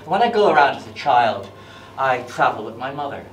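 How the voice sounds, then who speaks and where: An actor playing a dry-humoured male Grim Reaper in a stage monologue, low and wry. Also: very animated, a little fast, a little hiss or hum, lightly acted. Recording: distant echoey stage with music.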